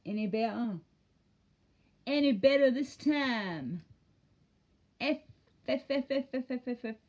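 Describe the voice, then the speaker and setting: A woman's voice: on the high side, animated, takes it slowly, a little mellow, dull audio. A woman streaming live from home, ranting casually in a rambling, profane and mocking way. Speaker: livestreamer. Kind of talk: casual livestream rant.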